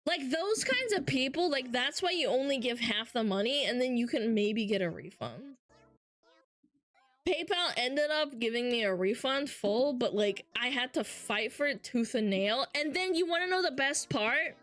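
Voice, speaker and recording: A woman VTuber streamer chatting casually into a headset, animated and swearing often. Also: sits high, moderate pace.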